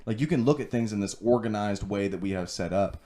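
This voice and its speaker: A man's voice: on the low side, fast talker, dark tone. A young man co-hosting a podcast, talking in blunt, teasing banter. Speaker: podcast co-host. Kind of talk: casual chat.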